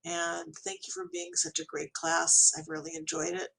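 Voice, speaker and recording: Encouraging, gravelly-voiced ESL teacher. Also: sits high, very animated, normal speed, bright, forceful tone. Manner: encouraging, with frequent fillers. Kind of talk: recorded online lecture.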